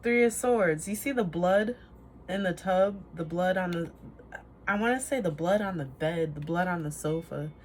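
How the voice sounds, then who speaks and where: A woman's voice: lowish voice, moderate pace, a little mellow, a little hiss or hum. A woman giving a casual tarot reading to camera, rambling, trailing off and laughing at herself. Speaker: tarot reader.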